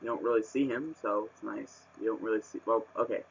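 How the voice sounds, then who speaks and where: A man's voice: lowish voice, fairly quick, gravelly, slightly rough. A man reviewing a book in a casual vlog, rambling with lots of fillers and restarts, and bursting into exasperated rants. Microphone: webcam microphone. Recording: muffled webcam audio.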